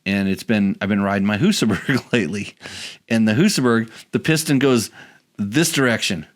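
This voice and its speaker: A man's voice: on the low side, normal speed. A man hosting a casual podcast chat, rambling and restarting his sentences as he goes. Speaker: podcast host.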